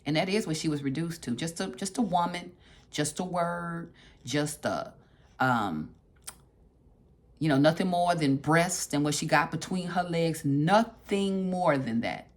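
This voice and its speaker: A woman's voice: low-pitched, animated, a little slow. A woman leading a casual book club discussion, talking conversationally, repeating phrases for emphasis and asking her listeners directly. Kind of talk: casual book discussion with read-aloud passages.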